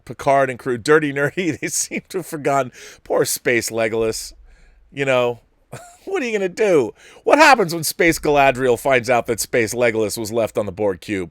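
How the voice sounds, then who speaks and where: Middle-aged male host, lively sing-song delivery, giggly, dry close sound. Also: medium pitch, unhurried, dry recording. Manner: giggly, rambling, laughs often. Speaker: show host. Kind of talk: casual solo commentary.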